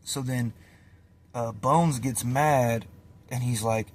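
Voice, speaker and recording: A man's voice: medium pitch, slow, slight background noise. A young man telling a casual, profane story, acting out what others said. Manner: animated, swearing, acts out quotes.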